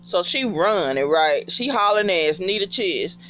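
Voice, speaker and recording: A woman giving a casual TV episode recap in an animated, profane way and talking back to the characters. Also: lowish voice, unhurried, muffled recording, a little hiss or hum.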